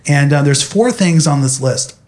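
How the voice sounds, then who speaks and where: A man's voice: fairly high pitch, animated, moderate pace, a little mellow. A young man speaking animatedly to an audience, telling a personal story in a motivational talk.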